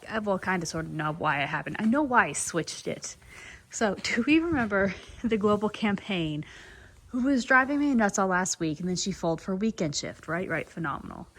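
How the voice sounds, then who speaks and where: A woman chatting casually on camera in a horse barn at night, rambling and laughing, cooing softly to the mares and foals. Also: medium pitch. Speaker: foaling attendant filming her barn. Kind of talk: casual vlog chat.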